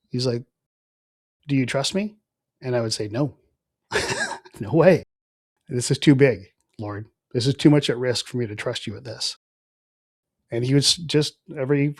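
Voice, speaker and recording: Middle-aged male guest, earnest testimony, mid pitch, dry close mic. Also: no echo. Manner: earnest, reflective, with frequent fillers and soft trailing phrases. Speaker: podcast guest. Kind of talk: conversational spoken testimony.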